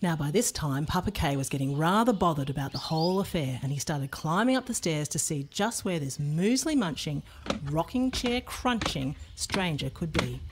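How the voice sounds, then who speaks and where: A woman reading a children's storybook aloud in an expressive, playful way. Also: low voice, normal speed, slight background noise.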